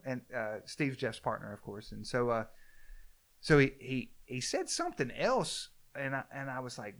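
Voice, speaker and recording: Animated man telling a story. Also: mid-range voice, normal speed. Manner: animated storyteller, acts out quotes loudly. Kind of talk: casual storytelling chat.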